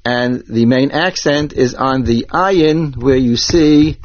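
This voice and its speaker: A man teaching Torah cantillation, explaining each accent mark slowly and methodically, step by step. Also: mid-range voice, slight background noise. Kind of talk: instructional explanation with chanted examples. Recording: dull lo-fi dry recording.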